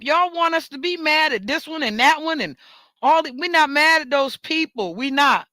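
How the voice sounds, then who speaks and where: High, bright-voiced New woman ranting. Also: lively intonation, moderate pace, dry recording. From New York. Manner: profane, emphatic, repeats words for force. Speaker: talk show host. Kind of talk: ranting monologue.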